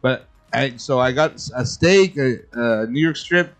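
A man's voice: mid-range voice, unhurried, soft background music. A man co-hosting a podcast in a laid-back way, swearing a lot and laughing often with his friends. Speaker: podcast co-host. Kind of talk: casual chat.

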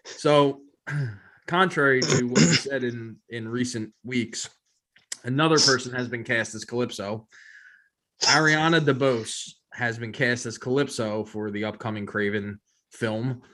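A man co-hosting a casual chat about film news, relaxed and wry, trailing off with ums. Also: mid-range voice, a little slow. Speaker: podcast co-host reading the news.

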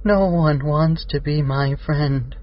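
A guy doing a sad ghost thing, slow and wavery, kinda muffled. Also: on the high side, pitched above the performer's own voice. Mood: forlorn.

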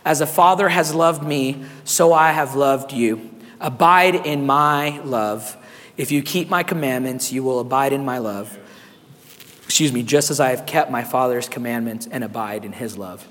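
A man preaching a sermon as pastor, hoarse and raspy, animated and calling on the congregation to respond. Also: mid-range voice, normal speed, in a large hall.

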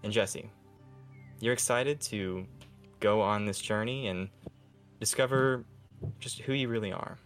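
Soft-spoken young man narrating. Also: on the low side, a little slow, pauses often, faint music behind. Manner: soft, calm storytelling voice. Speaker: game master. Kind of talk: narrating a tabletop game.

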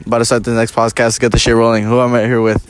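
A man's voice: mid-range voice, little pitch movement, very fast, a little hiss or hum. A young man hosting a casual chat, rowdy, teasing and profane. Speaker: podcast host. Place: fast-food restaurant after closing.

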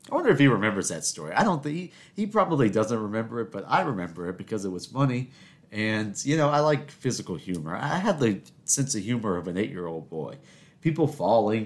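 A young male host tells a story casually, the way he would to a friend, his low voice rising and falling a lot. He rambles, breaks off mid-sentence and starts over, and chuckles at his own jokes. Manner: rambling, self-interrupting, laughs at own stories. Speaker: podcast host.

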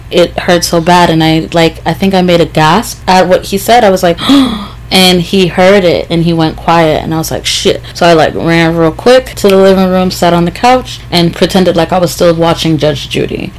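A woman's voice: fairly low pitch, rough recording. A woman co-hosting a podcast, telling a family story in an easygoing, conversational way. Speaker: podcast co-host. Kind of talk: casual storytelling chat.

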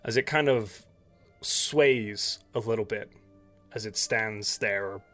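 A man's voice: lowish voice, slow, fairly bright tone, soft background music. A man narrating a tabletop game as game master, with a loose, descriptive delivery full of fillers. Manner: descriptive, many fillers and hedges.

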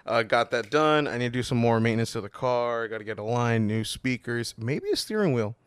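A man's voice: medium pitch, expressive, clean tone, no echo. A young man co-hosting a casual podcast, talking in a laid-back, slangy way about work and his car. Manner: laid-back, reacts with quick exclamations. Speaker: podcast co-host. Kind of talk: casual chat.

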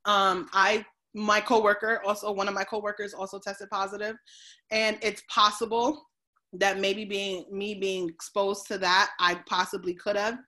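A woman's voice: mid-range voice, little pitch movement, pushed and bright. Woman guest, life coach, candid storyteller, video call, lots of "um"s. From New Jersey. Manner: open, storytelling, frequent "um" pauses. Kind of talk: casual video interview.

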